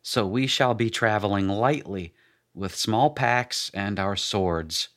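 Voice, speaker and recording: A man's voice: on the low side, slow, fairly bright tone. A man reading a story, voicing a boisterous, proud male warrior guide with grand, declamatory speech.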